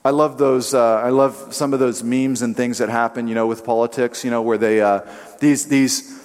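A man's voice: mid-range voice, fairly even intonation, normal speed, a little mellow. A man preaching a sermon in an emphatic way, now and then acting out what others say in changing voices. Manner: emphatic, acts out quotes in shifting voices. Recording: long hall reverb.

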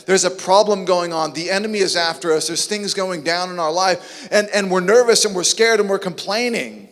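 A man's voice: high-pitched, normal speed, fairly bright tone, in a large hall. A man preaching a sermon with emphatic, rhetorical questions. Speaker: pastor.

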